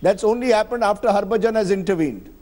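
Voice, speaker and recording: A man's voice: sits high, fast talker, darkish tone. A man as a news anchor, pressing his guest with questions and summarizing her answers back to her.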